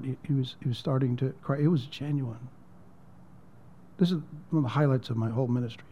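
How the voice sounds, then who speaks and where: A man's voice: medium pitch, fairly quick, mellow, highs cut off, slight background noise. A man preaching as a pastor in a conversational storytelling way, repeating words and dropping almost to a whisper at emotional points. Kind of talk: sermon storytelling.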